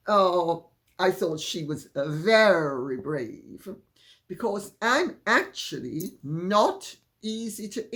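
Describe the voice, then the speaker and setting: A woman with an upper-class Jamaican accent, hosting her own channel and answering viewer questions in a measured, deliberate way. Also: lowish voice. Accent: Jamaican, Upper Saint Andrew. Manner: deliberate, measured, drawn-out phrasing with frequent laughs. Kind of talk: casual solo talk to camera.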